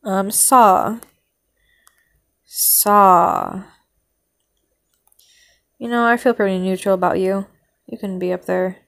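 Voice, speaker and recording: A woman's voice: mid-range voice, steady tone, slow pace, gravelly, long pauses, a bit bright. A woman talking casually and meandering through her opinions, trailing off into hums and ums, sometimes bursting into mock outrage. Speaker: vlogger ranking cartoon characters. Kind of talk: casual rambling commentary.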